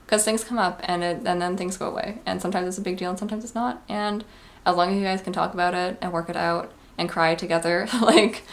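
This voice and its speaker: A young woman speaks in a relaxed, confessional vlog manner. Her voice sits a little low and carries a noticeable gravelly fry. She rambles warmly through advice, peppering every thought with "like". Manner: chatty, heavy use of "like", earnest advice-giving. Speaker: vlogger.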